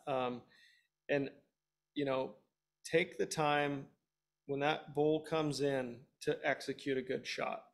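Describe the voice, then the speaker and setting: Man with a gravelly voice, thirties, direct practical tips, webinar talk. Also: mid-range voice. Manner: practical, direct advice with frequent "um"s. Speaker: elk hunting guest expert.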